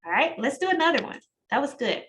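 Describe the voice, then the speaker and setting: Woman test-prep instructor, slightly high voice, video-call mic, encouraging. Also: very animated, fast, fairly bright tone, poor audio. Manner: encouraging, calls on students by name. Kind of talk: online test-prep class.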